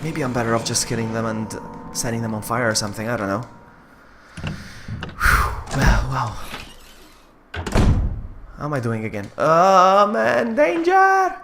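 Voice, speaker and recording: A man streaming a horror game, talking to himself in casual commentary that swings from low muttering to frustrated yelling. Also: fairly even intonation, normal speed, long pauses, heavy background noise.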